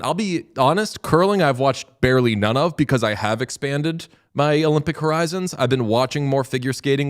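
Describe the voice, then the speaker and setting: A man's voice: medium pitch, clear, resonant tone. A man hosting a casual hockey podcast, brash and swearing, talking back to his live chat. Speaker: podcast host.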